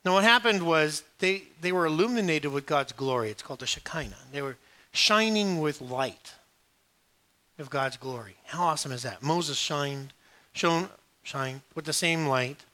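A middle-aged male pastor preaching a sermon, joking and storytelling with sudden hushed asides. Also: on the high side, lively intonation, normal speed.

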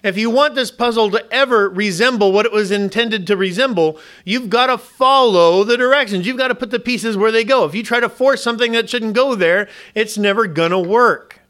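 High bright-sounding guy preaching, keeps asking the crowd stuff, lots of restarts. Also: fairly quick, few pauses. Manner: emphatic, asks the congregation questions; frequent restarts and repeated words. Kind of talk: sermon.

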